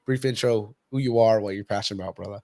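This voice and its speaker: A man's voice: lowish voice, quick pace, darkish tone, no echo. A man hosting a casual interview, enthusiastic and friendly with his guest, whom he calls brother. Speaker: podcast host.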